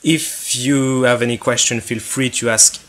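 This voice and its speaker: A man's voice: mid-range voice, steady tone, unhurried, a bit bright. French-accented man explaining a tech project. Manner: step-by-step technical explanation, plainly worded. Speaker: hobbyist maker explaining his project. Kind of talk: narrated project tutorial.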